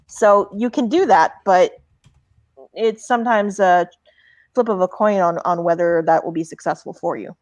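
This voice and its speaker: A woman's voice: medium pitch, unhurried, darkish tone, no room sound. A woman from Texas speaking as an author on a live panel, explaining with confidence.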